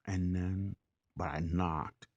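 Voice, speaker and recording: A man's voice: low-pitched, fairly even intonation, slow, darkish tone, no room sound, muffled recording. A man vlogger casually recounting a story, rambling and using lots of fillers. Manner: loose, filler-heavy, conversational.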